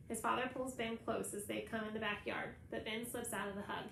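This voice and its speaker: A woman reads a children's novel aloud in steady storytelling tones. Her voice sits a bit high with a gravelly edge. The room is echoey, with faint hiss behind. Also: brisk. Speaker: reader.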